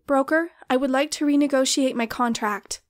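A woman's voice: high-pitched, steady tone, normal speed. A woman voicing a grieving young woman, a devoted book fan, speaking earnestly and emotionally.

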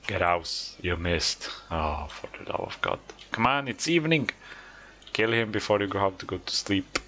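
A man coaxes and teases on-screen characters in casual let's-play commentary over game music. His fairly low voice has lively intonation at normal speed and sounds pushed and bright, with a little hiss or hum in the recording.

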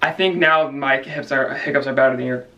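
A man's voice: medium pitch, steady tone, fairly quick, bright, forceful tone, dull audio. A young man, co-host of a couple's vlog, chatting casually while he has the hiccups and keeps saying "wait" in a flustered way.

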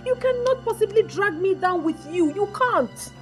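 A woman's voice: very high-pitched, expressive, moderate pace, a bit bright, faint music behind. A Nigerian actress playing a haughty young woman who coldly lectures and dismisses her boyfriend. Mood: scornful. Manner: cold, scornful, lecturing. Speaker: actor. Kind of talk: film acting.

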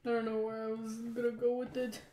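A woman's voice: fairly high pitch, completely flat delivery, quick pace, mellow, a little hiss or hum. A woman co-hosting a podcast in casual chat, giggly and laughing often. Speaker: podcast co-host. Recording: echoey room.

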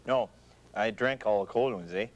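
An actor playing a goofy, beer-drinking Canadian brother with a Canadian accent, tacking 'eh' onto nearly every line. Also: male voice, on the low side, normal speed, slight background noise, lightly acted.

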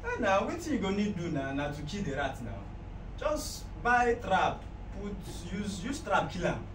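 A man's voice: sits high, big pitch swings, moderate pace. A man with a Nigerian accent playing a friend who gives advice and keeps repeating himself. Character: patient friend giving advice. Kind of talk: comedy skit acting. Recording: echoey room, far-off mic, loud background noise.

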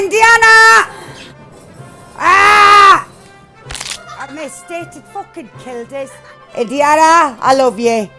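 A woman giving loud, excited gameplay commentary, swearing and shouting at opponents as she plays. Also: high voice. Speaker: gaming streamer.

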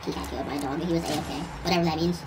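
A woman's voice: sits low, fairly even intonation, very fast, over music, natural voice. A woman voicing a grumpy, foul-mouthed pit bull puppy playing a shooter game, whining and complaining as she plays. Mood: grumbling. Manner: whiny, cursing, complaining. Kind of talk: gaming commentary in character. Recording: distant voice under loud gunfire.

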